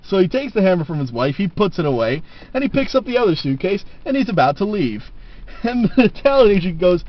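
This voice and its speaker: A man's voice: high-pitched, very animated, fairly quick. A man telling jokes casually to the camera, laughing at his own punchlines, on a dull lo-fi camera recording.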